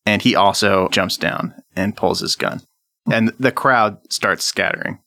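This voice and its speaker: A man's voice: fairly low pitch, a little slow, gravelly, sharp tone, no room sound, studio quality. A man narrating a tabletop role-playing game as game master, laid-back and laughing often.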